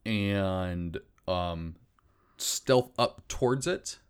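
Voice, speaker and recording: A man's voice: sits low, expressive, extremely slow, smooth. A man playing a tabletop game, thinking aloud in a casual way. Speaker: player.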